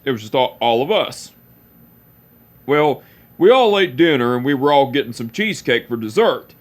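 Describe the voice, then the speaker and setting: A man telling a personal story, halting and repeating phrases as he restarts. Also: mid-range voice, expressive.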